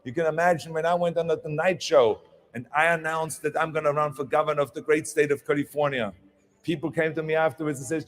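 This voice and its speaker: A man's voice: on the high side, fairly even intonation, fast. An older man with a German accent giving an emphatic motivational speech, with small slips in his phrasing. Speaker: motivational speaker.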